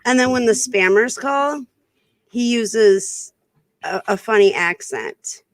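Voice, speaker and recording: A woman's voice: a little high, expressive, slow pace, no room sound, clean studio sound. A woman guest in a casual livestream chat, telling stories and laughing easily. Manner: laughing, storytelling.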